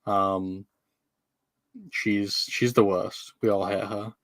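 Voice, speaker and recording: A tired man speaking in a flat monotone over a video call. His voice is low-pitched and dry, with no room sound, and there is no lift in his delivery at all. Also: takes it slowly, dry recording. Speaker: player. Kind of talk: casual play at the table.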